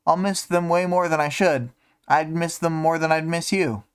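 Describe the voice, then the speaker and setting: A man's voice: on the high side, fairly even intonation, normal speed, clean tone, voice pushed up, lightly acted. A man reading out a teasing teenage girl's lines in a raised voice. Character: bratty teenage girl, teasing and wistful.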